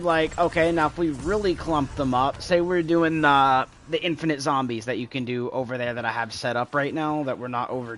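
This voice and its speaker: A man streams a shooter game, giving casual, rambling commentary, talking to his chat and imitating game sounds as he explains. His voice is medium-pitched and fairly bright, with slight background noise.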